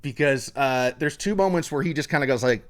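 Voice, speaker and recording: A man's voice: mid-range voice, fairly quick. A man co-hosting a casual true crime podcast, recapping the case with energy and acting out people's lines. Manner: animated, acts out quotes from the case. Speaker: podcast co-host.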